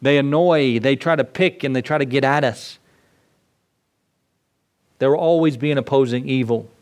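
A man's voice: medium pitch, normal speed, a little mellow. A man preaching a sermon, driving points home with repeated phrases and emphatic rises. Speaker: pastor.

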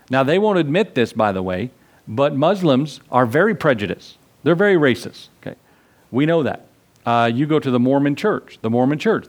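Male pastor, sermon teaching, emphatic, scripture reading, mid pitch.

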